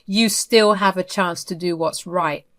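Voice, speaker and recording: Woman doing a furious young mom in a storybook, angry and threatening, lowish voice. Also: a little slow, lightly acted. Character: furious young mother confronting her child's abductor.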